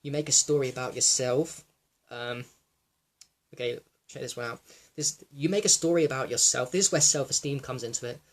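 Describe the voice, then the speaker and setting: A young man in a raw personal monologue, reflective and halting, with many fillers and restarts, sometimes close to tears. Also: medium pitch. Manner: emotional, close to tears at times. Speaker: wellness vlogger.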